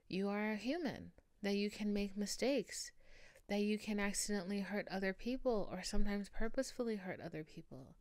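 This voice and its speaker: A woman's voice: mid-range voice, darkish tone, no echo. Frank, swearing woman podcast host, dry sound. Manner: emphatic, frank, swears freely. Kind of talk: casual solo podcast monologue. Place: room at home with her dog.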